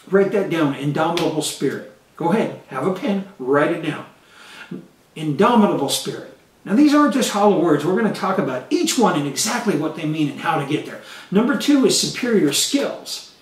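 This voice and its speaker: A man with a fairly high-pitched voice teaches his students, punchy and emphatic, hammering each key phrase twice. He sounds a little away from the mic, in a room with plenty of echo. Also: recorded from a distance. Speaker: self-defense and mindset instructor. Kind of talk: motivational teaching monologue.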